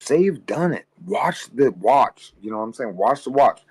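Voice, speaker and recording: A man's voice: sing-song, a little slow, a little mellow, breathy edge, dry recording, low-quality recording. A tired man on a livestream ranting crudely, swearing constantly and rambling. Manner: crude, rambling, swears constantly, mocks others in high voices. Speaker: livestream co-host. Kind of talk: casual livestream rant.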